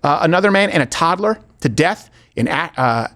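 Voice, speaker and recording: A man's voice: a little high, animated, brisk, fairly bright tone. A man hosting a political commentary show, talking emphatically and sarcastically, repeating his points for effect. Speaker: show host.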